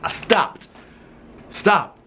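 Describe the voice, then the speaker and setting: A man's voice: drawn-out words, noisy background. Young man rambling through a vlog story. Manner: excited, rambling storytelling with many restarts. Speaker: vlogger. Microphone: wearing a mask while talking.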